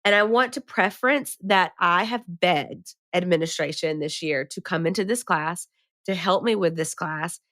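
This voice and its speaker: A young woman co-hosting a podcast, telling a classroom story in a lively, dramatic way. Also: lowish voice, normal speed, dry recording, studio quality. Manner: animated, dramatic retelling with rising emphasis. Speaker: podcast co-host. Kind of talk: casual storytelling chat.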